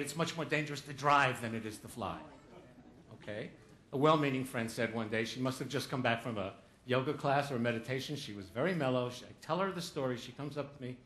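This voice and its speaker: On stage, a motivational speaker gives a humorous keynote, spinning a story full of jokes and acting out what people said. His voice sits a little high with a fairly bright tone, and there's slight background noise.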